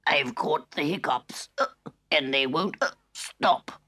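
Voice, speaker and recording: A woman voicing a nervous young male frog with hiccups, reading a storybook aloud in a halting, anxious way. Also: deep voice, expressive, bright, forceful tone, slightly rough, pitched below the performer's own voice, heavily acted. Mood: worried.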